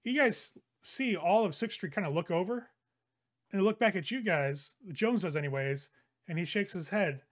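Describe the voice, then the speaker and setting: A man's voice: sits high, expressive, moderate pace. Man running a tabletop game. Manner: loose, rambling description with fillers. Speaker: game master.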